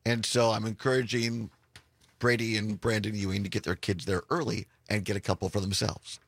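A man hosting a casual afternoon radio talk show from a studio, speaking with a hoarse voice, chatty and quick to laugh. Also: fairly low pitch, flat delivery. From Wisconsin. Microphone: studio microphone.

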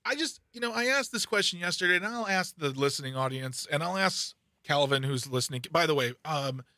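Man, fill-in radio host, bright tense voice, dry close sound, rambling casual chat. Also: fairly high pitch, no echo. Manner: animated, rambling, quick asides.

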